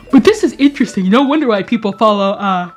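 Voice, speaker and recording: A young woman live streamer chatting casually with her viewers, giggly and exclamatory, rambling from one thing to the next. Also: a little high.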